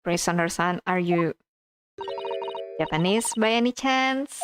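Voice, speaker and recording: A woman's voice: fairly low pitch, unhurried, natural voice. A woman voicing a paranoid, theatrical young male student poet who speaks in melodramatic, alliterative outbursts, over game music.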